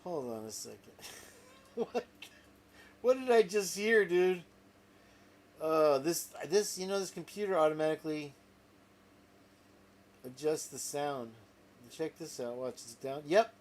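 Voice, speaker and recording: Slow-talking man reacting to footage. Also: a little high, expressive. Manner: laughing, incredulous asides. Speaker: reaction streamer. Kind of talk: casual reaction commentary.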